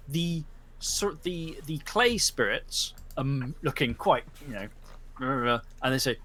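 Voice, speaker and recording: A man's voice: medium pitch, unhurried, pushed and bright. A man narrating a tabletop game as storyteller, rambling with many restarts.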